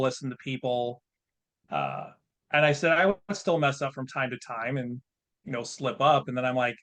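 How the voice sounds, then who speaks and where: A man's voice: medium pitch, a bit bright. A man in his fifties, a podcast guest, telling a story in a frank, plain-spoken, self-reflective way.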